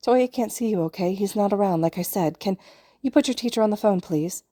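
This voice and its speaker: A woman's voice: medium pitch, brisk, dark tone, no room sound, studio quality, natural voice. A woman voicing an anxious, tearful young big sister in a storybook reading, stammering and shaky.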